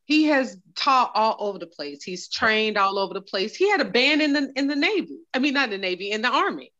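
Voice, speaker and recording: A woman's voice: a little high, lively intonation, fairly quick, sharp tone. A woman chatting casually, rambling and laughing as she recalls family stories. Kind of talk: casual reminiscing chat. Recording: dull lo-fi sound.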